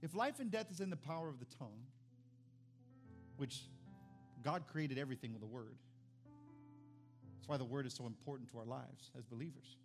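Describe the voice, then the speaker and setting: A man in his thirties preaching a sermon as pastor, animated, his voice climbing to near-shouts. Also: medium pitch, normal speed, long pauses, soft background music.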